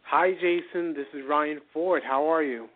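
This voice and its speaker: A man's voice: a little high, unhurried. A young man, a college student, calls in with a question and speaks hesitantly, with fillers. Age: young adult. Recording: tinny phone line.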